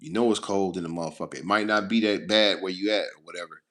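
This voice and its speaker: A man's voice: low-pitched, fairly even intonation, quick pace, fairly bright tone. A man who drives trucks for a living, talking casually to his viewers with blunt, heavily profane storytelling. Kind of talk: casual straight-to-camera talk.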